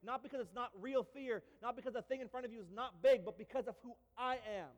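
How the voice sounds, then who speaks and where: High-voiced preacher in a reverberant hall. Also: male voice, quick pace, dull audio. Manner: emphatic, repetitive, with light humor. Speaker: pastor. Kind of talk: sermon. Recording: long reverb of a large hall.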